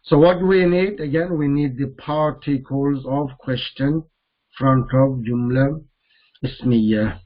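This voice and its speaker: Man teaching grammar, dull-sounding recording. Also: mid-range voice. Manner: repeats each term slowly, mixing Arabic terms into English. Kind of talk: classroom grammar lesson.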